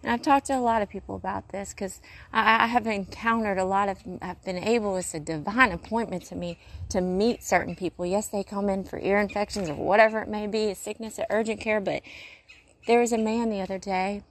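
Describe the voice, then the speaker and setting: A woman's voice: mid-range voice, fairly even intonation, brisk. Earnest woman rambling about faith. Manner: paces while talking. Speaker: urgent care worker. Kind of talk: casual faith-based monologue.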